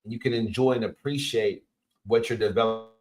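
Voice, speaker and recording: A man's voice: fairly low pitch, a little fast. A man, a coach and host giving an emphatic, casual motivational talk. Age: 50s. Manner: energetic, emphatic, punchy interjections.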